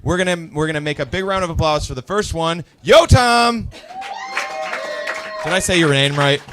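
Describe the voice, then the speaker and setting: A man hosting a live comedy show, energetic and encouraging like a coach, giving feedback and introducing acts. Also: fairly high pitch, fast talker, crowd noise. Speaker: show host and emcee. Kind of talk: live emcee banter. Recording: live mic with background noise.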